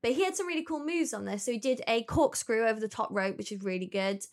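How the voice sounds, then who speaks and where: Woman, podcast co-host, casual chat, animated storytelling, laughs a lot. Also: on the high side, quick pace.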